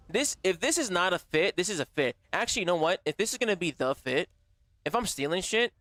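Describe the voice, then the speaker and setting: Male streamer, fairly high voice, casual profane banter, slightly strained. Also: big pitch swings, brisk, fairly bright tone, dry recording. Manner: slangy and profane, calls chat bro and baby. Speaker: gaming livestreamer. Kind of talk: casual live-stream chat.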